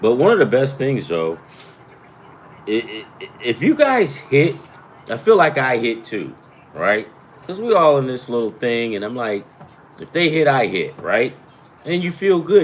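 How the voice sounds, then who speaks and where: Man, betting picks host, casual chat, swearing, rambling, swooping pitch. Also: a little hiss or hum. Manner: rambling and profane; self-deprecating.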